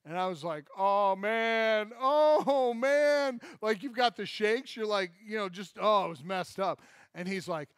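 A man preaching a sermon as pastor, telling a funny story from childhood with lively acted-out quotes. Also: high voice, normal speed, dry recording, studio quality. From Michigan. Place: church.

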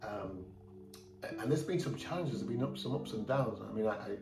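A man's voice: fairly low pitch, animated, brisk. Earnest middle-aged man in a roomy church. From England. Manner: candid, plain-spoken, earnest. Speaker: church member giving testimony. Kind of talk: personal testimony in church. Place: church hall. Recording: roomy church hall from a distant mic, faint music.

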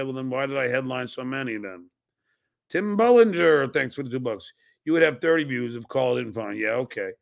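His voice is medium in pitch, slightly bright, with noticeable vocal fry. The man hosts a podcast, reading viewer donations aloud and shooting back blunt, profane replies in an easygoing live-stream chat.

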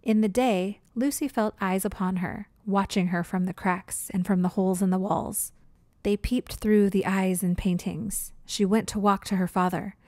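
Storybook reader, woman, expressive; dry close sound. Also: medium pitch, moderate pace, no echo. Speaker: read-aloud narrator. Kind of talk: children's storybook reading.

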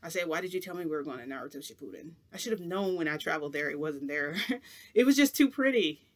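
A man's voice: a little high, quick pace, fairly bright tone. A man chatting to camera as a vlogger, telling a long rambling story full of "like" in a casual, chatty way.

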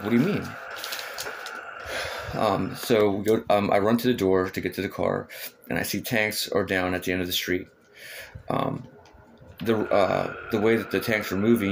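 A man's voice: low-pitched, vocal fry, noisy background. A man in his thirties, shaken and upset, rambling through a retelling of a dream with many ums and restarts. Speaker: vlogger recounting a dream. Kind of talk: casual spoken storytelling.

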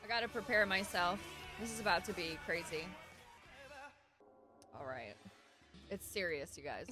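Reacting to anime on a home stream, a woman talks at a moderate pace with music in the background. She's very expressive, exclaiming and laughing often in casual live commentary as the show plays faintly behind her.

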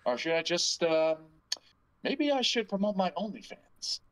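A man's voice: sits high, sing-song, a little slow, fairly bright tone, rough recording. Crude, rambling podcast host man. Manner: crude, rambling, joking banter. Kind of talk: casual podcast chat.

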